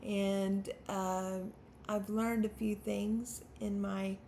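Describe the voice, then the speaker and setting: Slow-talking woman in her fifties, gravelly. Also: medium pitch, flat delivery, dark tone, a little hiss or hum. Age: 50s. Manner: nervous, stammering, self-deprecating with laughs. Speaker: songwriter and channel host. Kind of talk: unscripted talk to camera.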